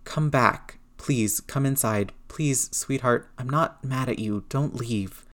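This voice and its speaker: A narrator voicing a gentle middle-aged aunt who coaxes softly and slowly. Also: female voice, extremely low pitch. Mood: pleading. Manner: soft, slow, coaxing.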